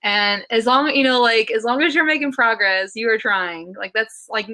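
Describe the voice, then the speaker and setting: A Southern-accented woman appears as a podcast guest, explaining things in a rambling, casual way packed with fillers and restarts. She speaks at normal speed in a fairly high, bright voice with a forceful tone.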